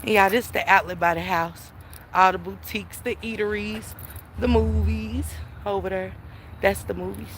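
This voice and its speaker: A middle-aged woman hosting a livestream, telling stories in an animated, emphatic way, with plenty of swearing, while she walks outdoors and talks into her phone. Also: mid-range voice, moderate pace, a little hiss or hum. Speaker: livestream host. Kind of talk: casual storytelling chat. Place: outdoors, walking through town.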